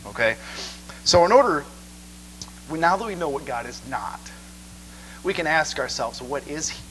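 A man preaching a sermon in an animated way, often checking in with listeners. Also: mid-range voice, a little hiss or hum, rough recording. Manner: animated, asks the crowd 'okay?' a lot.

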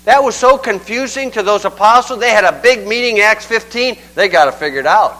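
An older man preaching in a homespun, talky way, leaning hard on his points. His voice sits high for a man and rings bright and forward. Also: a little fast, low-quality recording. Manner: folksy, conversational, emphatic. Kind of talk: sermon.

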